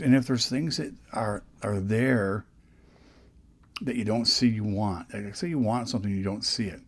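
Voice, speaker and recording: An older man, a podcast host, tells stories in a casual vlog, chatty and rambling with many restarts. His mid-range voice has a darkish tone and is recorded close on a dynamic studio microphone.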